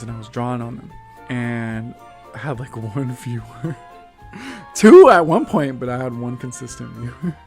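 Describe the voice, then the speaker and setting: This is a casual storytelling monologue from a young man on his own vlog, his pitch sitting in the ordinary middle range. Lively and quick to laugh, he bursts into louder acted-out dialogue. Faint soft music runs underneath.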